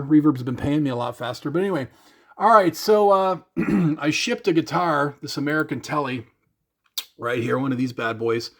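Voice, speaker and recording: A man from Canada telling a rambling, chatty story to camera about shipping his gear. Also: mid-range voice. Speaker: gear vlogger.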